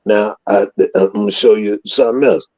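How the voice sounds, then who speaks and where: A man with a gravelly, husky voice spins loose, profane stories in casual conversation. He acts out the scenes as he goes. The audio is slightly dull and lo-fi. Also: on the low side, steady tone, normal speed. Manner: profane, rambling storyteller who acts out scenes loudly. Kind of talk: casual storytelling.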